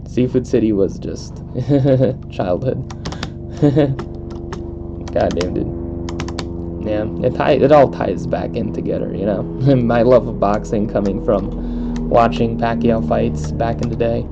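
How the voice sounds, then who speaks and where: Gravelly, rambling young man chatting while gaming. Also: medium pitch, slow pace, noisy background. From United States. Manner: rambling, laughs often, many fillers. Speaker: let's play host. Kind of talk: casual chat while gaming. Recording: dull lo-fi microphone.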